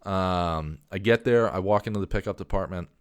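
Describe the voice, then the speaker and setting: A man's voice: low-pitched, normal speed, clean tone, dry recording, clean studio sound. A man telling a long, exasperated story in casual podcast chat, swearing and restarting his sentences often. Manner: exasperated, profane rant with many restarts. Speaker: podcast host.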